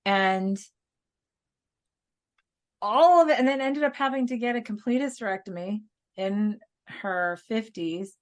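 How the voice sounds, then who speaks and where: A woman's voice: medium pitch, measured pace, long pauses. A woman co-hosting a casual spiritual podcast, telling stories in an earnest way and laughing now and then. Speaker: podcast co-host.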